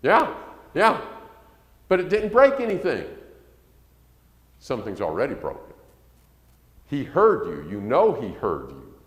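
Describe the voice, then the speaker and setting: A man's voice: medium pitch, huge pitch swings, unhurried, long pauses. A man preaching a conversational sermon, acting out quotes and rising to emphasis. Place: church sanctuary. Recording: echoey church hall.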